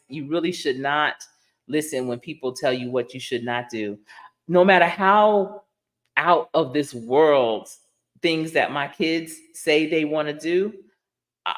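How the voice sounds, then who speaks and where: A middle-aged woman hosting a casual livestream as a life coach, telling stories, laughing often and acting out the voices of the people in them. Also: low voice. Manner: animated, laughs often, acts out quoted voices. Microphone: livestream setup.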